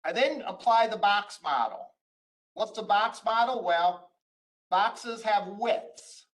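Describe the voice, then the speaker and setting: High-voiced man lecturing on code. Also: lively intonation, slow, a bit bright, low-quality recording. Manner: explains step by step, frequent "uh" and restarts. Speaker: college instructor. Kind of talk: recorded screen-share lecture.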